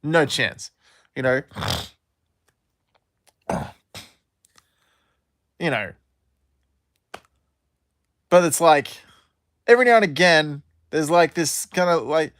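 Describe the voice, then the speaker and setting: Slow, rambling man in his thirties. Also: a little high, lively intonation, fairly bright tone, no echo, studio quality. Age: 30s. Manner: rambling and profane, heavy with fillers and restarts. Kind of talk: rambling solo monologue.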